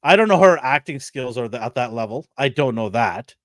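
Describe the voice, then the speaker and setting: A man's voice: mid-range voice, expressive, brisk, no echo, studio quality. A man co-hosting a casual chat show, rambling, repeating himself and laughing often. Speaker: co-host.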